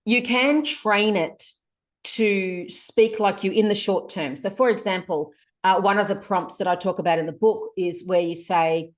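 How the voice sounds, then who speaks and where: A woman, chatting casually as a guest on a podcast, in a lively and colloquial way. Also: mid-range voice, unhurried. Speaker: guest, productivity author.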